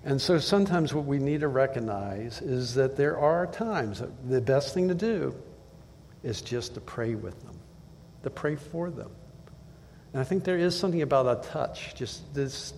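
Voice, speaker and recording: A man's voice: mid-range voice, lively intonation, normal speed, darkish tone, slight background noise. A man pastor preaching a sermon, telling a story and acting out dialogue before building to emphatic preaching. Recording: long reverb of a large hall.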